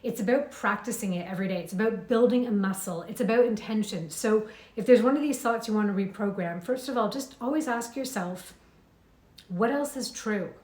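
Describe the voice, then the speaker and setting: A young adult woman giving a lively, conversational coaching talk, acting out inner thoughts as she goes. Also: mid-range voice, fairly quick. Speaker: mindset coach. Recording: roomy echo.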